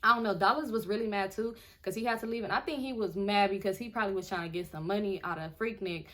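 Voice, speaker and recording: A young woman vlogger telling a story in a casual, animated and profane way, often sounding indignant. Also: medium pitch, fast.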